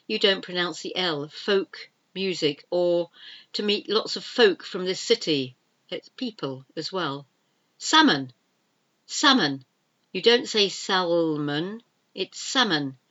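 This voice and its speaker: A low-voiced woman gives a pronunciation lesson at an unhurried pace, repeating each word and spelling it out letter by letter. The recording is slightly muffled and lo-fi. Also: fairly bright tone. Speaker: English teacher.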